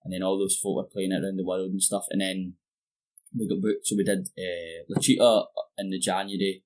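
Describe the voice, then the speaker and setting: A man's voice: low-pitched, flat delivery, brisk, darkish tone. A Scottish man chatting casually as a podcast guest, telling stories in a loose, sweary way full of "like" and "mate". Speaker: guest musician. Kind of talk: casual chat over beers.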